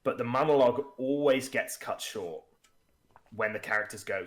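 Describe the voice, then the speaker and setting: A man co-hosts a casual tabletop gaming podcast as game master, speaking fairly quickly in a mid-range voice. He chats and rambles loosely with many restarts, acting out the players' lines.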